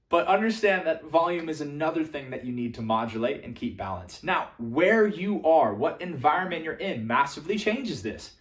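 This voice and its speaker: A man's voice: moderate pace, few pauses, roomy sound. A young man coaching social skills, teaching to camera and acting out voice examples. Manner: lively, demonstrates voices with big jumps in pitch and volume.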